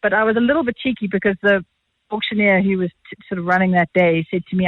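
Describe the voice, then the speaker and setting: A woman with a South African accent, an art auctioneer guest telling lively, chatty anecdotes quickly in a phone interview. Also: mid-range voice, no room sound. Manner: fast-talking, chatty, animated. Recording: tinny phone line, dry.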